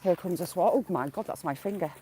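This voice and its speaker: A woman's voice: on the low side, fast talker, warm tone, slight background noise. Chatty woman cooing at ducks. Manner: chatty, coos and calls out to the ducks. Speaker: vlogger. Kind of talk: casual walk-and-talk commentary. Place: outdoors by a lake.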